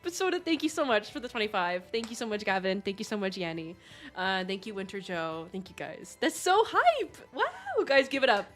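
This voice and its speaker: A woman's voice: mid-range voice, animated, a little fast, fairly bright tone. A young woman hosting a livestream, gushing and effusive as she thanks donors over and over, often laughing. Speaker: livestream host. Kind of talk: casual livestream chat. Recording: faint background music.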